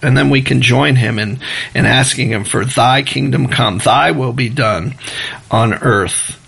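A man preaching a sermon in a relaxed, conversational way, chuckling as he mimics rushed and loud prayers. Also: mid-range voice, gravelly, breathy edge. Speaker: pastor.

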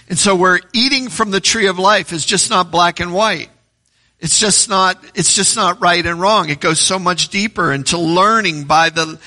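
A man's voice: sits high, creaky, sharp tone. A man preaching a sermon, reading scripture aloud and asking the congregation questions. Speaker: pastor.

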